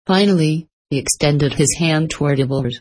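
A woman narrating a story in an even, unhurried reading. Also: sits low, poor audio.

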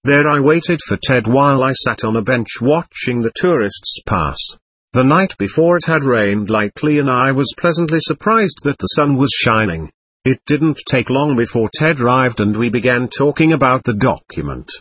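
A man with a slightly husky, breathy voice reads a first-person account like an audiobook. His delivery is even and measured, and the recording is close and dry with no room sound. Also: medium pitch, no room sound. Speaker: narrator.

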